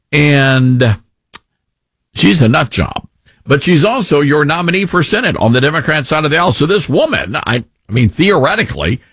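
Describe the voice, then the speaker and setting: A man hosting a call-in talk radio show, animated and jokey, often repeating his words as he talks into a studio mic. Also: a little high, slightly rough, dry recording.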